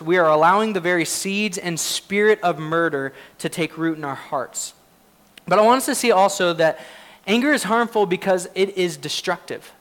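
Pastor, male, high-pitched, delivers an earnest conversational sermon, lots of fillers, laughs at himself. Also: a bit bright. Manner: earnest, conversational preaching with frequent fillers and restarts; self-deprecating, laughs often.

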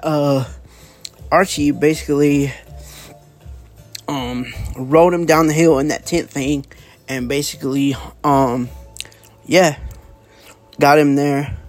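Rambling man, slightly high voice. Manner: rambling, full of fillers and restarts, casual swearing. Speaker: comic book reviewer. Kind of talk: casual comic plot recap.

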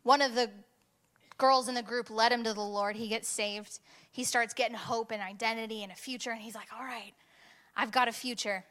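A young woman preaching a sermon, telling a personal story in an animated way and rising to bursts of intensity. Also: fairly high pitch, a little fast.

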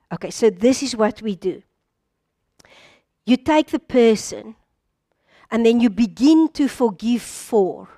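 A woman preacher with a fairly high voice teaches earnestly, then slips into spoken sample prayers. The sound is dry and close. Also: warm tone, no room sound. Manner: earnest, modeling spoken prayers with quick asides.

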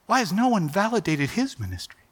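A man's voice: high-pitched, wildly swooping pitch, a little fast. A middle-aged man preaching a sermon, telling stories animatedly and acting out the dialogue. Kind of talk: sermon storytelling. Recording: long hall reverb.

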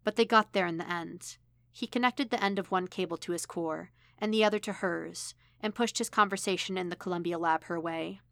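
A woman reads a story aloud in a steady, even manner. Her voice sits low with a gravelly fry, recorded close and dry. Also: fairly quick, no room sound. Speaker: podfic reader. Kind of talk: storytelling narration.

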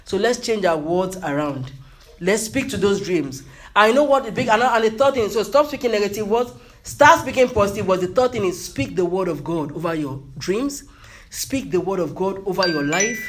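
A man with a high voice delivers a motivational sermon. He speaks emphatically, repeats his key points and punctuates them with hallelujah. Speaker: preacher.

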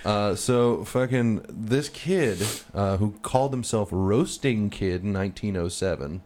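A man's voice: a little slow, darkish tone. A man co-hosting a comedy podcast, swearing freely and laughing often as he chats. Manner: profane, laughs often, swings his pitch animatedly. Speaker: podcast co-host. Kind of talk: casual comedic chat.

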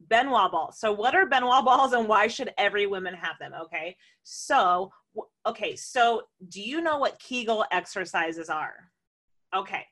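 A woman co-hosting a podcast, talking candidly and playfully and laughing often. She walks her listeners through things step by step in a relaxed, chatty way. Her voice sits at an ordinary middle pitch for a woman. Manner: explains step by step. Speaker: podcast co-host. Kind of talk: casual chat.

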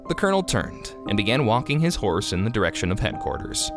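A man narrating a classic short story as a podcast reader, expressive and measured. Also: on the low side. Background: guitar music.

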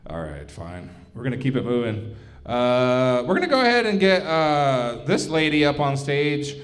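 Lively profane comedy club host. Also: male voice, medium pitch, slow. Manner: loose, profane banter with the crowd. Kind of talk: live stand-up club hosting.

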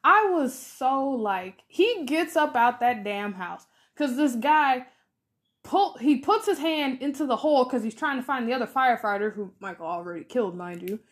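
Brief: 20s woman, podcast co-host, rambling casual review, higher-pitched voice, filler-heavy. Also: lively intonation, moderate pace. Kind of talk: casual film review chat.

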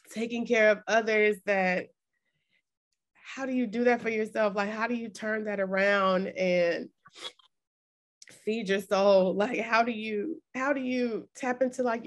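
A woman hosting a casual interview, emotional and effusive, close to tears as she talks. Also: a little high. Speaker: podcast host and coach.

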